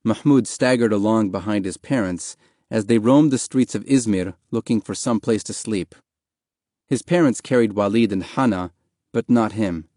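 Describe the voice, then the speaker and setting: Calm male audiobook narrator, dry sound. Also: lowish voice, no echo. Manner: calm, even, measured reading.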